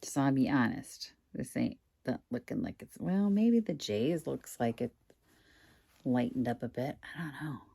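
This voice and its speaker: Deep-ish gravelly lady vlogging from home, dry wry running commentary. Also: lively intonation, unhurried, warm tone, dry recording. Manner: wry, muttering to herself with asides to viewers. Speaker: online reseller vlogger. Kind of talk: casual thinking aloud while working. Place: indoors at home.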